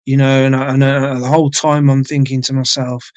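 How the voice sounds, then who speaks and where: Male streamer, mid-pitched, chatty storyteller who swears and repeats himself, dry recording. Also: flat delivery, a little fast, few pauses, darkish tone, no echo, low-quality recording. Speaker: live streamer. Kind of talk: casual storytelling.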